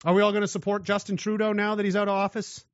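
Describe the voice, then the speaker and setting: A man's voice: high voice, level tone, racing, dry recording, highs cut off. A man delivering a blunt, aggressive monologue rant, mocking those who show mercy.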